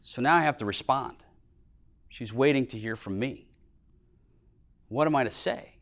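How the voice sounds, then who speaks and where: A middle-aged man from Minnesota giving a talk as a business owner, telling earnest stories in a motivational speech, his voice dropping low and quiet at emotional moments. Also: moderate pace. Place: lecture hall with audience.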